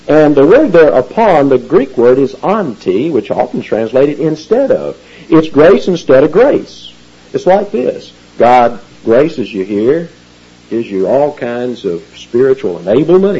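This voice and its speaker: A man preaching an expository sermon, explaining Bible words with animated emphasis and teacherly asides. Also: fairly high pitch, breathy edge, muffled recording. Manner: animated teaching, rising emphasis on key phrases. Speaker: pastor.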